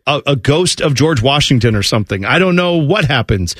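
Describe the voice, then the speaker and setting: A man's voice: medium pitch, fairly quick, dry recording, clean studio sound. A man hosting a sports radio show, telling stories in casual, joking banter with a co-host. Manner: animated, joking storyteller. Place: radio studio.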